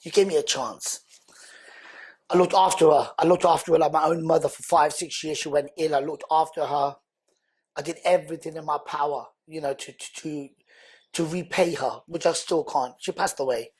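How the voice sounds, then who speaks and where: A man, a guest on a podcast, telling his life story in an earnest, animated, conversational way. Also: a little high, brisk, husky. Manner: animated, earnest, acts out quoted speech loudly.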